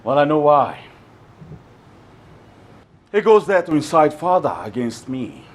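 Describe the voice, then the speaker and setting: Hot-headed young prince, nigerian accent, sneers and snaps, voice rises and falls a lot. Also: male voice, fairly high pitch, very animated, measured pace. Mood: angry. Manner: accusing, sneering, shouts at times. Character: hot-headed young prince, resentful of his elder brother. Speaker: actor. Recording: film soundtrack with music under it.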